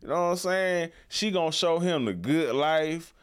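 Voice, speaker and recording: A man's voice: fairly high pitch, expressive, moderate pace, clean tone. A young man hosting a podcast in casual chat, slangy and joking, often repeating his words. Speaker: podcast host.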